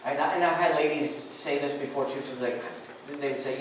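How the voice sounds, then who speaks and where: A woman preacher giving a sermon, telling the story in an animated way with many restarts. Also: extremely low pitch, brisk, noisy background. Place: church sanctuary. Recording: echoey church hall, mic far off.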